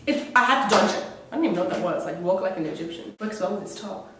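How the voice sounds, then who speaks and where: A woman's voice: mid-range voice, animated, fast, a bit bright. A young woman with a cold vlogs from home, coughing now and then and rambling in a sarcastic, dramatic way. She sits well back from the camera, and her voice rings around a very echoey room. A faint noise sits under the recording. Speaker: vlogger. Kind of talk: casual vlog monologue. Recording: very echoey room, mic far off.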